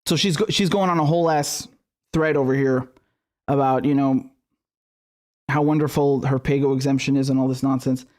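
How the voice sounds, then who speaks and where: A man's voice: medium pitch, fairly even intonation, normal speed, pauses often, darkish tone. A man giving an angry political rant as a commentator, swearing heavily and stumbling over his words in a room with a globe behind him.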